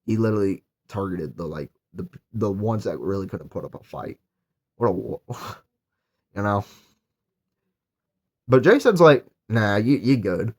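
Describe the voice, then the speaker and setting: A man's voice: lowish voice, big pitch swings, measured pace, long pauses, darkish tone, slightly rough. A young man recapping and reviewing a horror movie in a casual, rambling way, with lots of fillers and eager praise. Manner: rambling, filler-heavy, enthusiastic.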